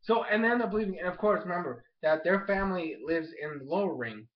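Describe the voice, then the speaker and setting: Man, high-pitched, excitable, rambling casual review, lots of fillers, dull lo-fi audio. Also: quick pace. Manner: excitable, rambling, heavy use of "like" and "oh my gosh". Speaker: anime show reviewer. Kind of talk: casual episode recap review.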